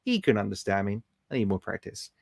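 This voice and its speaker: A man's voice: fairly low pitch, big pitch swings, fairly quick, creaky, no echo, clean studio sound. Chatty man on a live stream. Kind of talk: casual live-stream chat, reading out viewer comments.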